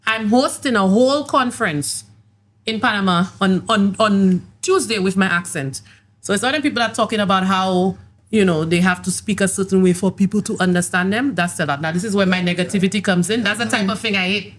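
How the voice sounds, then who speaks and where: A woman's voice: medium pitch, fairly quick. A woman on a podcast panel, talking bluntly and with heat in casual chat. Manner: fired up, blunt and forceful.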